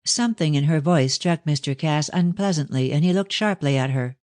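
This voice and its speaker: A man reading a mystery novel aloud as an audiobook narrator, in a steady storytelling manner. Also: fairly high pitch, fairly quick, few pauses, no room sound.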